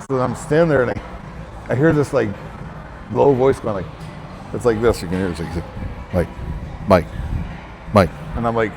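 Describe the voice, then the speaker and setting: A man's voice: mid-range voice, vocal fry, noisy background. A man hosting his own channel, telling a rambling, profane story to camera with lots of filler words. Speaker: fitness trainer and channel host.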